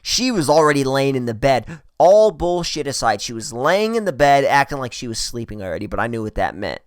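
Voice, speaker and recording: A man spins a rowdy true story, his pitch leaping up and down as he acts out each person in it. He swears freely and talks loosely. The voice sits close and dry, with no room sound. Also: a little fast, clean tone, dry recording. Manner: profane, animated, acts out quoted voices. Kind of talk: casual storytelling.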